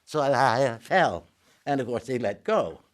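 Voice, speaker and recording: An older actor spinning anecdotes in an interview. His pitch swings widely as he acts out the voices in his stories. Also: animated, measured pace.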